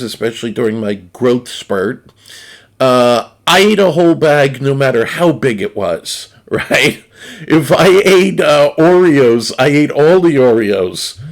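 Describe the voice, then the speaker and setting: Reviewing a snack on stream, this man rambles casually to his viewers, blunt and profane. His voice sits in the mid-range with a gravelly texture, and the chat is entirely unscripted.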